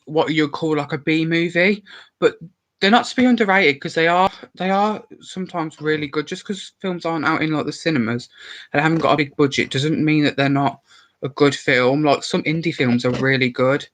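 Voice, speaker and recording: A man's voice: medium pitch, a bit bright. A man rambling casually on a live stream, chatty and swearing freely.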